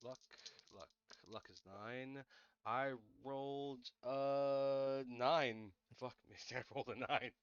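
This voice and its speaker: A man playing a tabletop role-playing game, excitable and swearing freely. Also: medium pitch, slow pace, clean tone, dry recording. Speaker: player. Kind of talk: casual tabletop play. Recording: dull lo-fi mic with faint hiss.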